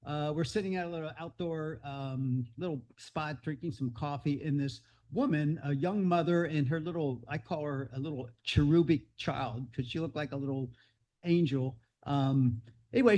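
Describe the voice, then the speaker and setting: A man with a slightly high voice tells a casual, rambling travel story to a club meeting. He sounds chatty and upbeat as he leads the gathering. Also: animated, moderate pace, darkish tone. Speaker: meeting leader.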